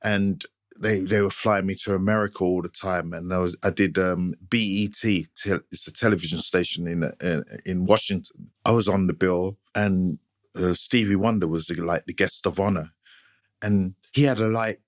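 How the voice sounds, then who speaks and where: A man with a slightly low voice, telling stories in an easygoing, anecdotal way. He is recorded close and dry, with no room sound. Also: steady tone, normal speed, no echo. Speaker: guitarist, guest. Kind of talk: casual interview chat.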